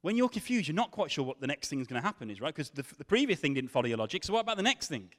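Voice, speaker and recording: A man preaching a sermon, swinging from loud questions to hushed tones. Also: on the high side, very animated, rapid-fire. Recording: long hall reverb.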